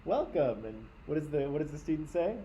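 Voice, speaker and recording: A man's voice: a little high, quick pace, dark tone, dull audio, a little hiss or hum. A man from Canada, teaching a class in a conversational lecture and often checking in with his listeners.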